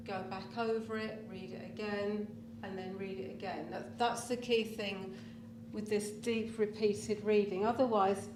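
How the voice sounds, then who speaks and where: Woman lecturer, workshop leader, practical and instructive, mic far off in a noisy room. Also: mid-range voice. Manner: practical, gives step-by-step tasks to the audience. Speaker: teacher-education lecturer leading a workshop. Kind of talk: conference workshop talk. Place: large conference room. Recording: roomy distant recording with background noise.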